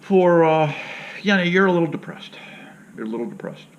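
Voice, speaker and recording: A man's voice: fairly high pitch, animated, moderate pace, creaky, a bit bright, pitched above the performer's own voice. A man doing an offhand pill-pushing doctor. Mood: dismissive. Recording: dull lo-fi sound.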